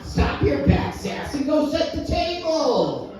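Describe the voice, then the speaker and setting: A middle-aged stand-up comedian tosses off one-liners and chats with the crowd, his voice jumping wildly up and down. He sounds a little off-mic in a very reverberant club, with music clearly playing behind him. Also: very high voice, very animated, slow pace. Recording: echoey room, mic heard from a distance.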